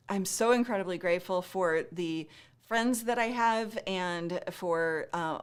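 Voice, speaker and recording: A woman's voice: medium pitch, clear, resonant tone. Heartfelt rambling woman streamer. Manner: heartfelt and rambling, with many fillers and restarts; laughs often. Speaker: live stream host. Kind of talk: casual live stream Q&A.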